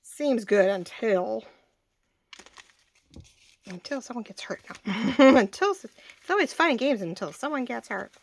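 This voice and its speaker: A woman's voice: a little high, animated, measured pace, long pauses. A woman in her forties hosting a casual craft tutorial, chatty and rambling, often restarting her sentences as she works. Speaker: craft channel host.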